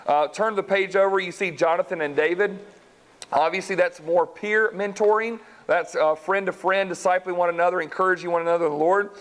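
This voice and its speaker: Brief: higher-voiced male Bible teacher, lively, chatty storyteller. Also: brisk, rough recording. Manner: lively storytelling, acts out characters, talks to class directly.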